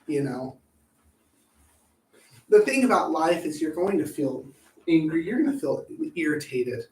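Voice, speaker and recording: A man hosting a live talk on anger management, blunt and profane, swinging between loud outbursts and low asides. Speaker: host. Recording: echoey room, voice far from the mic.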